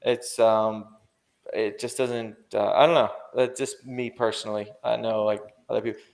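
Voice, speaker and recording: A man's voice: fairly low pitch, fairly even intonation, moderate pace, vocal fry. A young man talking as a podcast guest, rambling and slangy with lots of fillers and casual swearing.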